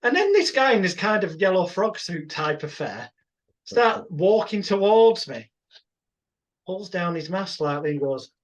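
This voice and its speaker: A man's voice: high-pitched, very animated, unhurried. A man, a hypnosis instructor casually telling a rambling anecdote. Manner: rambling, self-interrupting storyteller.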